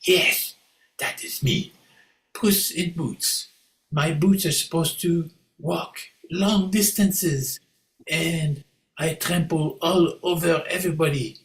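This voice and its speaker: A man's voice: fairly high pitch, steady tone, slow pace. A man voicing a vain, swashbuckling male cat in boots, with a put-on Latin American accent, over a video call. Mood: boastful. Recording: echoey room.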